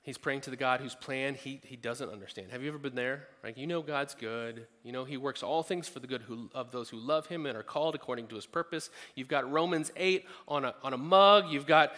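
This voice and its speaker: Bright-voiced man preaching in a hall. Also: medium pitch, fairly quick, few pauses. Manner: conversational, rising to emphatic peaks. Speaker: pastor. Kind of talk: sermon.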